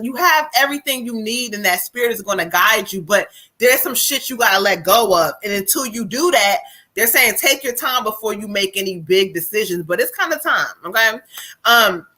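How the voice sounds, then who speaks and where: A woman's voice: fairly high pitch, pushed and bright. A woman from New Jersey giving a psychic reading on a live stream, blunt and profane. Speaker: psychic medium.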